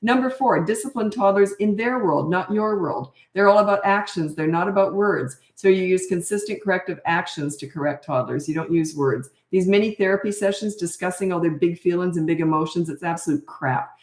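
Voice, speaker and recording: A woman's voice: on the low side, a little fast, hardly any pauses, darkish tone, roomy sound. An older woman and parenting coach from Canada, chatting casually and bluntly in a live Q&A, laughing often and losing her thread.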